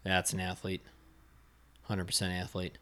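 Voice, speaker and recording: Casual co-host, man, lower voice, easygoing and chatty. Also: unhurried. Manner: relaxed, laughs often, restarts sentences. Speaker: podcast co-host. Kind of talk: casual chat.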